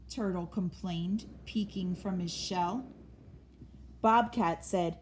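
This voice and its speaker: A woman reading a children's story aloud in a gentle, expressive way. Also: fairly low pitch, slow, slight background noise.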